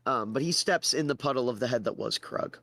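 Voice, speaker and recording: A man's voice: medium pitch, brisk, creaky, a bit bright, no room sound. A tired man narrating a tabletop game as game master, casual and hesitant with fillers.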